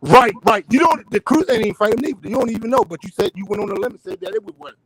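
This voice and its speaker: A man's voice: extremely high pitch, sing-song, very fast, vocal fry, a bit bright, rough recording. A middle-aged man in a heated boxing debate over a voice call, insistent, repeating his questions and swearing. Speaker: panel debater. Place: online voice call.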